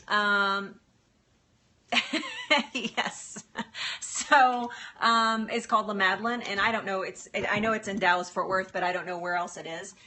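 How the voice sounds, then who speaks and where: Her voice is medium in pitch, bright and pushed, with a little noise in the background. She's running a casual cooking stream in her own kitchen, talking to viewers by name and laughing frequently.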